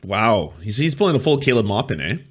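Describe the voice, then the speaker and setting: A man's voice: fairly low pitch, sing-song, fairly quick, husky. A man hosting a reaction commentary, sarcastic and mocking in his asides. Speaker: commentary host.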